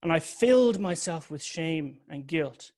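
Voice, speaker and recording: A man's voice: fairly high pitch, expressive, unhurried, a little mellow. A man giving a candid, confessional talk that mixes a personal story with occasional swearing. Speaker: public speaker.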